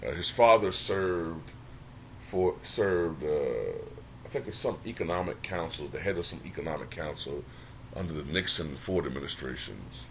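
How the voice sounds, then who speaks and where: A man hosting his own channel, giving casual commentary that runs from flat and low-key to animated and exasperated. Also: normal speed, a little hiss or hum. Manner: animated, rising to exasperated near-shouting; says he can sound monotone at times. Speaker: channel host.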